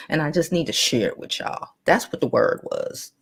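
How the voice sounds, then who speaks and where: Hoarse, gravelly-voiced woman chatting live. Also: deep voice, animated, moderate pace, few pauses. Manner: playful, chatty, trailing off and restarting. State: hoarse, losing her voice. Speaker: livestream host. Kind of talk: casual livestream chat.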